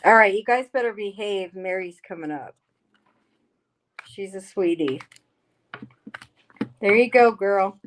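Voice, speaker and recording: At home on a casual livestream, a woman with a mid-range voice reads her chat aloud and talks bluntly, swearing plenty. She speaks slowly and leaves long pauses.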